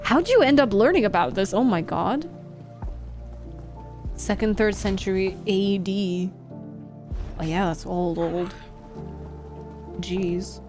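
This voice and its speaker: A woman's voice: medium pitch, takes it slowly, long pauses, darkish tone, faint music behind. A young woman live streamer chatting casually with her audience, laughing often and reacting to chat.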